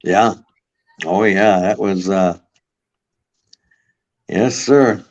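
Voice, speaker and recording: A man's voice: deep voice, very slow, darkish tone. A man from Buffalo, New York, a podcast guest, telling long rambling stories with swearing. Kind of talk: casual storytelling. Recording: slightly muffled audio.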